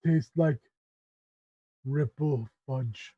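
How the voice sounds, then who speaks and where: A man voicing a huge, dim-witted male ogre who talks slowly and simply. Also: medium pitch, slightly rough, no echo, dull audio. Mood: dull.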